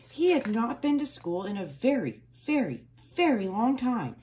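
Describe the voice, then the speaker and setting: Woman reading a storybook to kids, playful and expressive, bouncy pitch. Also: moderate pace, few pauses. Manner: expressive, playful emphasis on sound words. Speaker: children's story reader. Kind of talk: read-aloud storytelling.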